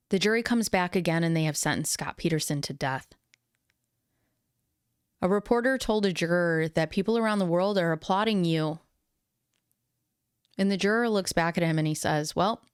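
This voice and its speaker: A woman's voice: fairly low pitch, clear, resonant tone, dry recording, clean studio sound. A woman hosting a true crime commentary who reads court statements aloud and then gives her own opinion with feeling.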